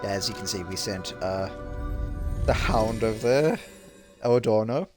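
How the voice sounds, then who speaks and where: A man's voice: on the low side, a little slow, a little mellow, soft background music. A young man casually commenting on his gameplay, rambling and restarting his thoughts. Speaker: gamer.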